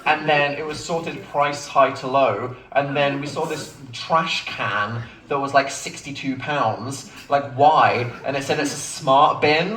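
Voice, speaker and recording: A man, an author chatting on stage at a book event Q&A, self-mocking and quick to laugh. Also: mid-range voice, a bit bright, distant mic. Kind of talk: live on-stage Q&A chat. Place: bookshop event space with a live audience. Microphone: phone recording from the audience. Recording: echoey room taped from afar.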